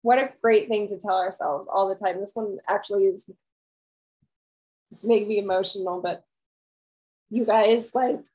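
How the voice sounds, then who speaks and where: A woman's voice: mid-range voice, normal speed, darkish tone, low-quality recording. A woman wellness coach giving an earnest, encouraging motivational talk to her viewers, repeating key phrases and often asking "right?".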